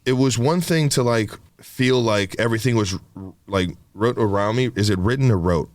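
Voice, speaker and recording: A man's voice: on the low side, normal speed, no echo, studio quality. A man co-hosting a podcast, talking in a rambling, casual way full of fillers and swearing. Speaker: podcast co-host.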